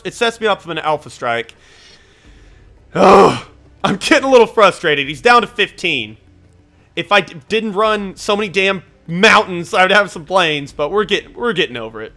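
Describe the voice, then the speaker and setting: A man commentates his own card game match live, thinking out loud and cursing when plays go wrong. His voice sits a little high and sounds bright and forceful. Soft background music plays under him. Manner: excitable, swears when frustrated, thinks aloud. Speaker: gameplay commentator.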